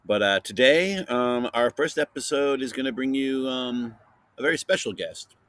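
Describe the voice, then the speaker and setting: A man hosting a casual science podcast for kids, playfully interviewing a silent guest and filling pauses with chatter. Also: medium pitch, fairly bright tone, no echo. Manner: chatty with many fillers. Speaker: podcast host.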